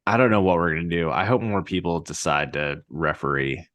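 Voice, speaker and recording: Male guest, very low voice, casual and halting, lots of fillers. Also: animated, a bit bright, no echo. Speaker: guest, assistant football coach. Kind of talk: casual chat.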